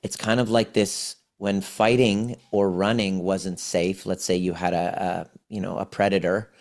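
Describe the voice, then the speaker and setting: A man in his forties, a trauma healing coach, appears as a guest on a podcast interview. His voice is deep and a little mellow, with a flat delivery and measured pace, and he explains things earnestly, often restarting his phrases.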